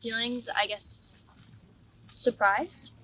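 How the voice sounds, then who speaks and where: Bright-voiced woman, hesitant and filler-heavy, distant with faint noise. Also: fairly high pitch, drawn-out words. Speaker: interviewee. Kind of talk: casual interview talk.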